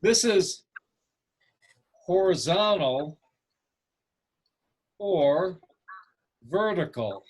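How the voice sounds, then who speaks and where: Upbeat male photography teacher, higher voice. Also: lively intonation, drawn-out words, pauses often, breathy edge. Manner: asks the class questions, encouraging. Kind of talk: online class over video call. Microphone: video call.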